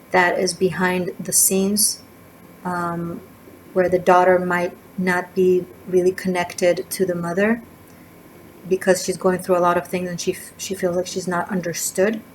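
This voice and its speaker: A woman's voice: on the low side, rough recording. A woman giving a casual, rambling tarot reading, drifting from topic to topic. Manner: chatty, digressive, rambling with fillers. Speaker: tarot reader. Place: indoors by a street. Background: faint sirens and motorcycle noise from outside.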